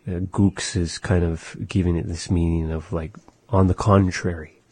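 Deep, mellow-voiced man teaching phrases. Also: no room sound. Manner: relaxed, explains phrases slowly and repeats them. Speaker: language show co-host. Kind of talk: casual language-lesson chat.

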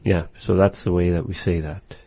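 A man teaching words of his language in a casual lesson, saying them slowly and repeating them. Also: low voice, flat delivery, mellow, dry recording.

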